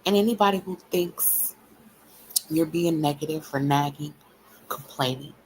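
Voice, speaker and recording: A woman's voice: low voice, slight background noise, poor audio. A woman hosting a livestream, ranting bluntly and profanely at her viewers in a taunting, repetitive cadence. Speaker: livestream host.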